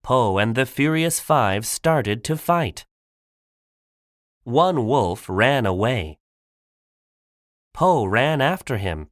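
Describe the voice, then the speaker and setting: Slow, expressive male storybook narrator. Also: medium pitch, no echo, studio quality. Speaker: audiobook narrator. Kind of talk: slow graded-reader narration.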